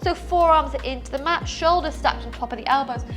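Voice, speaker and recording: A woman's voice: high-pitched, fairly quick, a bit bright, faint music behind. A young woman guiding a yoga class, soothing and affectionate with her listeners. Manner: soothing, affectionate, calls viewers "my loves". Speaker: yoga instructor.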